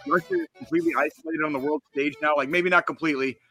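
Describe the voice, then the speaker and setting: A man's voice: a little high, very animated, racing, bright, forceful tone, faint music behind. Profane, heated man ranting on a podcast. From United States. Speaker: podcast co-host. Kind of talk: casual podcast chat.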